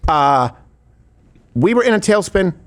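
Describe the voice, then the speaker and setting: A man's voice: high voice, very animated, measured pace, fairly bright tone. A man hosting a political talk show, asking rhetorical questions with heavy sarcasm. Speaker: host. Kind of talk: political commentary chat.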